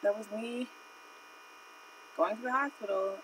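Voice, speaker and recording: A woman's voice: a little high, measured pace, a bit bright, distant mic, a little hiss or hum, poor audio. A woman streaming while she draws, telling a personal story in a rambling, chatty way with lots of fillers. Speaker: art streamer. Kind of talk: casual live-stream storytelling.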